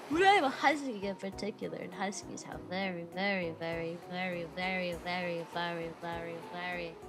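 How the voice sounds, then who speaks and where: A woman's voice: fairly low pitch, normal speed. A young adult woman streaming as a VTuber, rambling through casual chat with giggles and self-deprecating jokes. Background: background music.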